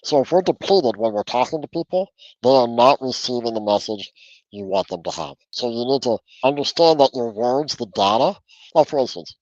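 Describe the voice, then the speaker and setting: An earnest man coaching on a podcast, his voice at a middle pitch. He guides the listener step by step and often repeats a word before going on. The audio is dry and slightly dull, as over a remote call. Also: expressive, normal speed, darkish tone, dry recording. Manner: earnest, instructive, repeats words when restarting. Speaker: transformational coach, guest. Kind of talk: podcast interview, coaching advice. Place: home office.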